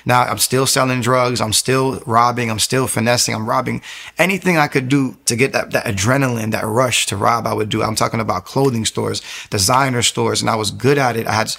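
A man's voice: medium pitch, steady tone, fairly quick, gravelly, fairly bright tone. A young man in his twenties from the United States telling his personal testimony in an earnest, rambling way with many restarts. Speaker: guest sharing testimony. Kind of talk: personal testimony, casual storytelling.

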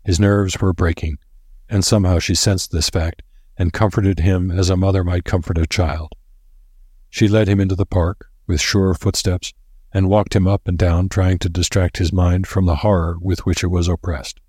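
A man narrating a novel in a measured, dramatic storytelling manner. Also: sits low, flat delivery, a little mellow, breathy edge, no room sound, clean studio sound. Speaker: audiobook narrator.

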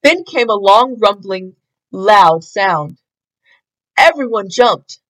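A woman reading a children's storybook aloud in an expressive, sing-song way. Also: medium pitch, slow, low-quality recording. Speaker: storybook reader.

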